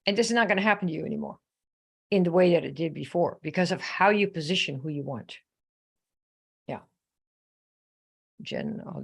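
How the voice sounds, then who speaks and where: A woman hosting a live coaching session, telling a story in a chatty, animated way and turning to viewers with questions. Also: lowish voice, moderate pace, creaky, pauses often, husky. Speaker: host. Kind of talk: live online coaching talk.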